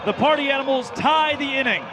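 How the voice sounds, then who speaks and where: A man calling a live baseball game from the broadcast booth, excitable and jokey, often shouting the big plays. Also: extremely high pitch, fairly quick, noisy background. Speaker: play-by-play announcer.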